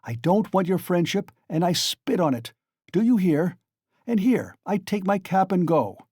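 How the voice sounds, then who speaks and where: Male narrator doing an enraged young student, shouting, pitched up, dry close sound. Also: very animated, measured pace, husky, dry recording, exaggerated voice. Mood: furious. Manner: furious, shouting and demanding. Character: angry young male student, proud and desperate.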